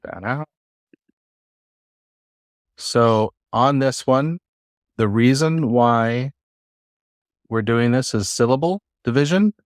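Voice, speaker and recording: A man teaching a Hebrew class over a video call, patient and encouraging, slowing down to spell out sounds. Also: mid-range voice, dry recording, studio quality.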